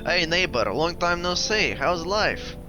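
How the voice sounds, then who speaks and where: A man's voice: a little high, expressive, measured pace, pitched above the performer's own voice. A man reading the lines of a worried neighbor in a horror game, in a put-on Russian accent. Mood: concerned. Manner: earnest, mock Russian accent. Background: game music.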